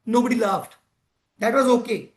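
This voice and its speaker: A man's voice: very high-pitched, moderate pace. A man leading an interactive workshop session, chatting and putting questions to his audience. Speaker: presenter of a club education session.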